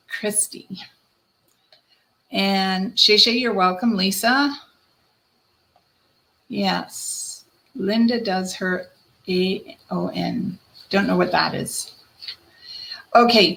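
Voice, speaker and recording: Woman, psychic host of a live stream; gentle, reassuring reader with a mid-pitched voice. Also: poor audio. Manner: gentle, reassuring, addresses viewers by name. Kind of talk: live-stream card reading.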